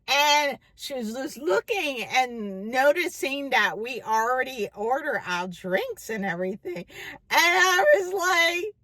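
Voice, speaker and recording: A woman telling a personal story in a casual vlog, acting out what people said with sudden jumps in pitch. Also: measured pace, no room sound. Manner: animated, acts out quotes with big pitch jumps. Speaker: vlogger.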